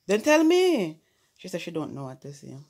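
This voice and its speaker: A young adult woman with a Jamaican accent and a lowish, slightly mellow, breathy voice speaks at normal speed with huge pitch swings. Chatting casually at home for a family vlog, she coaxes and laughs while mixing patois, English and French.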